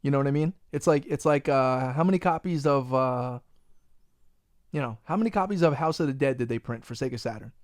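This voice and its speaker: A young man hosting a podcast, animated and profane, ranting in casual chat. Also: medium pitch, fairly quick, no room sound, studio quality. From Long Island, New York. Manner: profane, animated ranting, says "bro" a lot. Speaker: podcast host.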